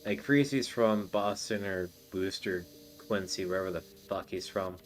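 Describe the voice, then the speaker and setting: A podcast host with a low voice chats casually at normal speed, rambling, swearing, and using lots of fillers. There's a little hiss or hum on the recording.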